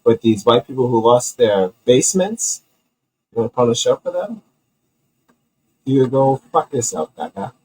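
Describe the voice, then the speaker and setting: A man with a husky, slightly rough voice hosts a homemade comedy commentary show. He rants in a heated, profane, rambling way, restarting sentences as he goes. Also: medium pitch, big pitch swings, moderate pace, pauses often, a little mellow, rough recording.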